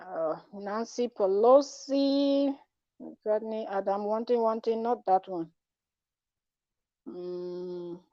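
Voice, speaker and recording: A woman's voice: medium pitch, slow pace, long pauses, no echo, highs cut off. A woman vlogger talking casually and frankly, rambling with restarts and asides. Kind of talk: casual commentary vlog.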